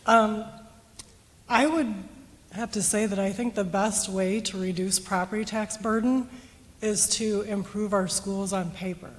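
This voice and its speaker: A woman with a mid-range voice speaks earnestly as a school board candidate and often pauses on an um. Her voice rings with a long reverb from a large hall. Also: mid-range voice, fairly even intonation. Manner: earnest, with frequent ums. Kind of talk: forum answer.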